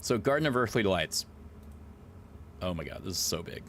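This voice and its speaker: A man streaming live, chatting casually in an excitable, rambling way and swearing a lot. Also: sits low, a little fast, slight background noise.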